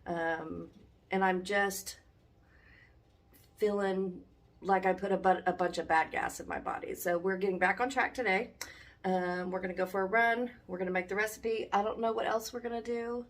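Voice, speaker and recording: Holding her phone, a woman vlogs in a casual, rambling way full of ums, first inside her home and then outside on a run. Her voice is medium in pitch with fairly even intonation and normal speed, and she's slightly winded.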